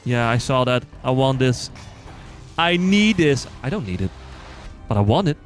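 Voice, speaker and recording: A man with a non-native accent chatting casually to viewers while playing, quick to excited outbursts and joking at himself. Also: medium pitch, soft background music. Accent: non-native English accent. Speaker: gaming channel host. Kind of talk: casual let's-play commentary.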